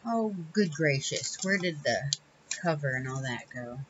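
A woman's voice: low-pitched, animated, a little slow, muffled recording, slight background noise. A woman hosting a casual crafting video, chatting in a rambling, self-correcting way with small laughs. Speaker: crafting channel host. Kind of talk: casual crafting tutorial chat.

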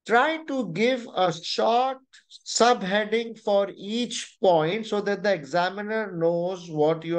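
A young adult man with a high-pitched voice and a Pakistani English accent tutors an online exam-prep webinar. He explains points deliberately, checking in often with "right?" and "you know".

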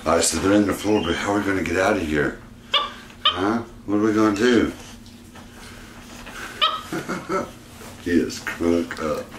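A man's voice: sits low, unhurried, long pauses. A man talking affectionately to his pet at home, laughing often. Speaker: pet owner and channel host. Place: indoors at home. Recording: echoey room with background noise.

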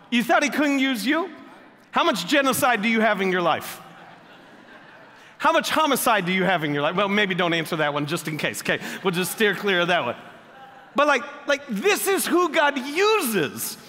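A male pastor preaching a sermon, animated and joking in a conversational way. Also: high-pitched, normal speed, pauses often. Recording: long echoey hall reverb.

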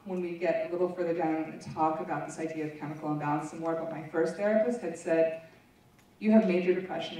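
A woman's voice: on the low side, a little mellow, a little hiss or hum. A woman presenter giving a candid personal testimony to an audience, speaking in a frank, conversational storytelling way. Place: large meeting room. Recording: echoey room, voice from far off.

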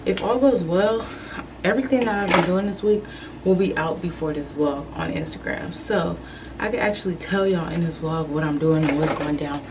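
Young woman vlogging, low voice, far from mic. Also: moderate pace. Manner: chatty, loose and informal. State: out of breath after climbing stairs. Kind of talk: casual vlog chat. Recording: distant camera mic with background noise.

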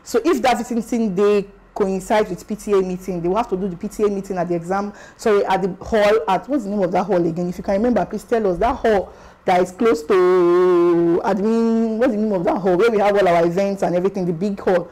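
A young adult Nigerian woman vlogging about her school days, animated and exclamatory, slipping into Pidgin. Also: mid-range voice, brisk, poor audio. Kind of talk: casual storytelling vlog.

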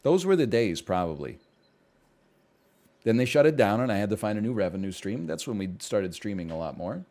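A man's voice: fairly low pitch, very animated, brisk, a little mellow. A man in his thirties from Canada, chatting casually on a stream in a rambling, sardonic way and swearing freely.

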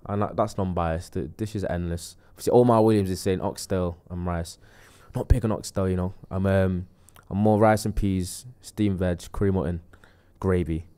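A man co-hosting a casual live-stream chat, animated, laughing often, trailing off and restarting. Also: low voice, moderate pace, few pauses, smooth. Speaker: co-host.

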